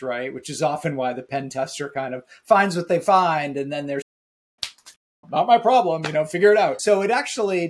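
Relaxed man hosting a podcast. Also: fairly high pitch. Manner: relaxed, conversational, dry asides. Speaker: podcast host. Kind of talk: interview hosting.

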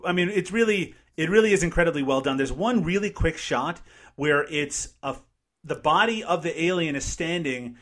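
A man's voice: on the high side, normal speed, fairly bright tone. A man co-hosting a casual movie podcast, recapping scenes and laughing often. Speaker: podcast co-host. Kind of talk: casual movie-review chat.

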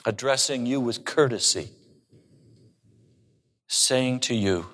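A man's voice: on the low side, measured pace, a bit bright, long reverb tail. A male pastor preaching a sermon and telling stories with humor. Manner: storytelling with humor.

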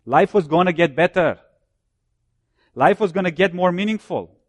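Emphatic preacher man, higher voice. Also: normal speed, dry recording. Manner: emphatic, building repeated phrases. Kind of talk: sermon.

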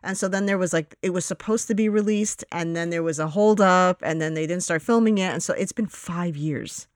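A podcast co-host in casual chat, rambling and acting out their own reactions in quick quoted asides. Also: medium pitch, no room sound, clean studio sound.

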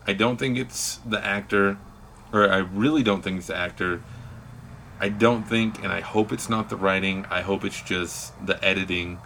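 Bright deep-voiced podcast host. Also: male voice, fairly even intonation, normal speed, a little hiss or hum. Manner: earnest, hedging, plugs his show. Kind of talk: casual podcast talk.

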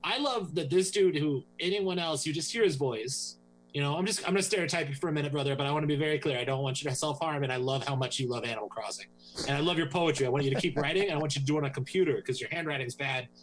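Animated male podcast host. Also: fairly high pitch, racing, slight background noise, low-quality recording. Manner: animated, swinging between joking and earnest. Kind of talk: casual comedic podcast chat.

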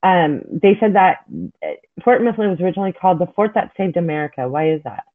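A woman's voice: lowish voice, fast. A woman interviewing a guest, chatty and eager, tripping over her own words. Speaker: podcast host. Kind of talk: casual interview chat. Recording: tinny phone-like line.

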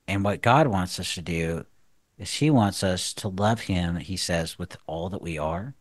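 A deep-voiced man co-hosts a faith talk show on marriage. He sounds earnest and a touch preachy, with lots of restarts and "you know." The sound is dry and close. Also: measured pace, no room sound. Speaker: podcast co-host.

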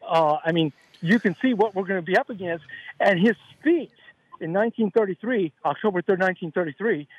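A man's voice: high-pitched, a little fast, breathy edge, no room sound, highs cut off. A man calling in to a radio talk show, earnest and rambling, running his thoughts together. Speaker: caller. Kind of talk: phone-in call to radio show.

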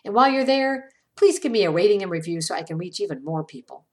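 A woman hosting a podcast, reading a scripted inspirational essay in a measured, reflective way, letting her phrases fall at the ends. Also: medium pitch, animated, darkish tone. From small town. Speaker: podcast host.

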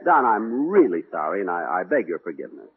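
A man's voice: low voice, very animated, fast talker, breathy edge. A man hosting a 1940s radio comedy, talking in an indignant, exasperated way. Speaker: comedy show host. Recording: tinny 1940s radio broadcast.

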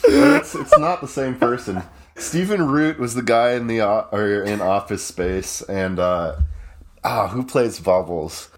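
A man co-hosting a casual podcast, chiming in with wry, bantering questions. His voice sits somewhat low, and he laughs easily. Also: animated, unhurried, slight background noise. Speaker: podcast co-host. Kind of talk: casual chat.

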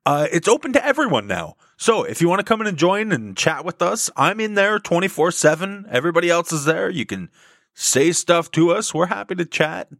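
A man's voice: high-pitched, no echo, studio quality. A man hosting a podcast, giving a scripted update in a put-on radio announcer voice and stretching out the key words. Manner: lively, drawn-out emphasis on key words. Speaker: podcast host.

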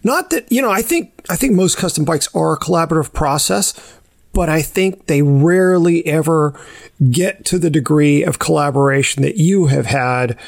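A podcast host interviewing a bike builder, making measured, thoughtful remarks in casual conversation. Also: medium pitch, expressive, creaky.

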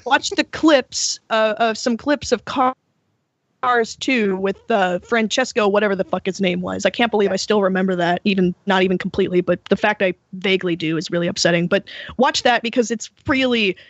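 A woman's voice: mid-range voice, brisk, dry recording. A woman co-hosting a podcast, ranting in casual chat and swearing freely. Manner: profane, ranting. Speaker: podcast co-host. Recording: dull lo-fi dry audio.

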